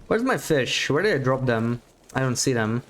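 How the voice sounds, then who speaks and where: A man's voice: medium pitch, very animated, moderate pace, slight background noise. A man giving live gameplay commentary as a streamer, chatting to his viewers, thinking aloud and laughing often.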